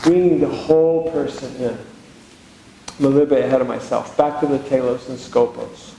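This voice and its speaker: Speaking at a moderate pace with fairly even intonation, this monk has a mellow, medium-pitched voice with vocal fry. His retreat talk is conversational and reflective, sprinkled with humor. The recording sounds very echoey with faint noise behind it.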